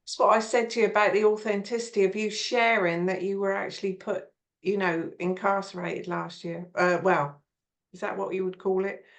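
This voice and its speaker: A woman hosting a relaxed conversation, with a mid-range voice. She is encouraging and enthusiastic, telling her own stories with feeling. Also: mid-range voice, normal speed. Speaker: host. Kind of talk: casual conversation.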